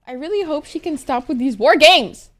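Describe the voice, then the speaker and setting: A woman's voice: high-pitched, expressive, moderate pace, fairly bright tone. A young woman from Egypt giving casual reaction commentary, exclaiming and talking back at the screen. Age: young adult. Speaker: anime reaction streamer. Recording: show music faintly behind.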